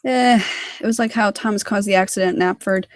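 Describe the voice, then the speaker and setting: A woman's voice: medium pitch, steady tone, brisk, no echo, clean studio sound. A woman giving a casual livestream tutorial on her animation work, rambling with lots of fillers. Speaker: hobby sprite animator.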